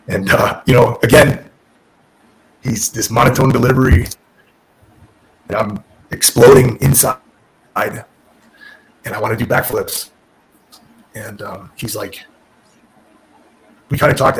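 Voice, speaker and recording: A man who is a former wrestler and podcast guest, telling a story in casual, animated talk, restarting sentences and acting out what people said. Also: lowish voice, vocal fry, low-quality recording. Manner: animated, restarts and self-corrects, acts out quotes.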